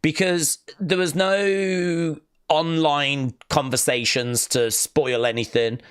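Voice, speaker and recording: A man with a fairly high, steady voice speaks slowly in a slightly bright, clean tone on a dry recording with clean studio sound. He hosts a wrestling live stream, casually rambling and reminiscing with many fillers and acting out quotes.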